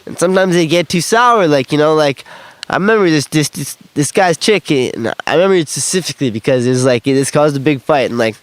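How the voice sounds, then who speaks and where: A man's voice: a little high, a little fast. A young man telling stories from his life in a rambling, profane, laughing way, recorded outdoors in an interview. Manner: rambling, profane, laughs often, acts out quotes and freestyles. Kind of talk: casual storytelling interview. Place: outdoors on grass.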